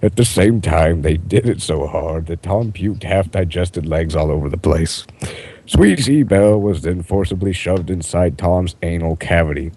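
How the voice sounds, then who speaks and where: A man reading absurd fan fiction aloud in a mostly deadpan way, often cracking up. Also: low-pitched, normal speed, husky. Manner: deadpan delivery breaking into laughter. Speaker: reader.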